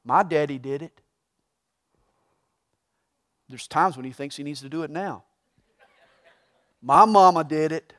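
High-voiced male preacher. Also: unhurried, long pauses. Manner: emphatic preaching, swinging from loud to hushed. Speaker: pastor. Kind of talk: sermon.

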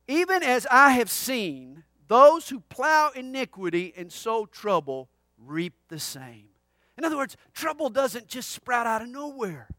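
A pastor preaching an expository sermon, emphatic and conversational with humorous asides. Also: male voice, extremely high pitch, fairly bright tone, no echo, studio quality.

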